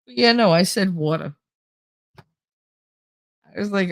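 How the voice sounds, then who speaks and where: This woman, who has a New Jersey accent, talks casually on a livestream at a measured pace in a medium-pitched voice. She rambles, laughs often, and sounds a little nasal from a stuffy nose, with no echo.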